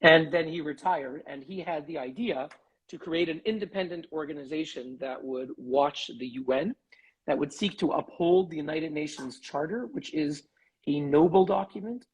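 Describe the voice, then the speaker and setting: A man giving an articulate, measured interview as a human rights advocate over a video call. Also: on the high side, husky, low-quality recording. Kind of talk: live online interview.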